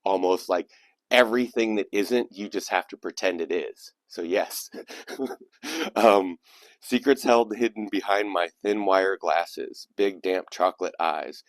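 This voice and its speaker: A man with a low, unhurried voice hosts his channel, reading viewer-submitted poems aloud. Between them he drifts into reflective, digressive commentary, and the recording has no echo.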